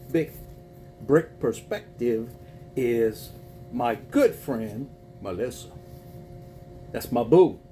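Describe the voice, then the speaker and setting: A man's voice: mid-range voice, darkish tone, slight background noise. A man with a Cajun accent hosting a casual livestream, folksy and chatty, reading viewer messages aloud and calling people boo. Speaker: spiritual reading host. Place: home, packing to move.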